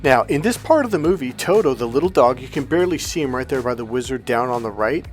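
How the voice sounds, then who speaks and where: A man's voice: medium pitch, lively intonation, fast, soft background music. A man giving a motivational vlog monologue as a coach, blunt, profane and emphatic. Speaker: relationship coach.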